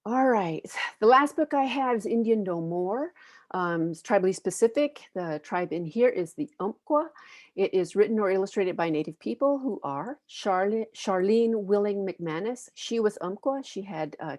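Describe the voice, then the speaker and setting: A woman's voice: mid-range voice, lively intonation, darkish tone, dry recording. Earnest woman presenting children's books. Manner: reflective, earnest, pauses to find words. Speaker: panelist and educator.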